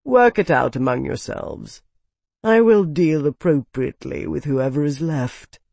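A world-weary ruler, as voiced by the audiobook narrator, speaking a touch below the storyteller's own pitch. His delivery is measured, dry and unhurried. The recording is close and dead. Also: animated, vocal fry, a little mellow, no room sound. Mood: cool. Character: cool, world-weary male high lord.

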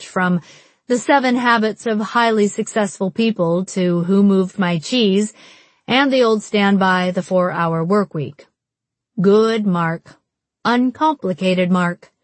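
Slow, dry-voiced woman narrator. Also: mid-range voice, no echo. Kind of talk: scripted audiobook narration.

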